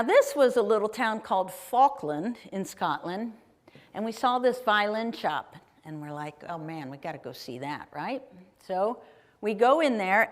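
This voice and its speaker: A woman from Ohio gives a slow, chatty slide talk about her travels, her voice sitting a little high. She keeps it enthusiastic and keeps asking the audience questions. Her words ring with the long reverb of a large auditorium. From Ohio, USA. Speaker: guest speaker. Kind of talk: live travel presentation with slides. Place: performing arts center auditorium. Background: live audience in a hall.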